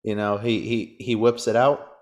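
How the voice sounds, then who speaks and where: A man's voice: on the low side, little pitch movement, normal speed. A man hosting a casual sports podcast, ranting and cracking crude jokes. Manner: crude, joking rants. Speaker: podcast host.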